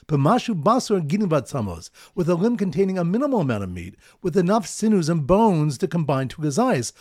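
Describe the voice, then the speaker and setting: A man teaching a Talmud lesson through mnemonic stories, in a lively storytelling manner with sing-song emphasis on repeated phrases. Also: a little high, no room sound, studio quality.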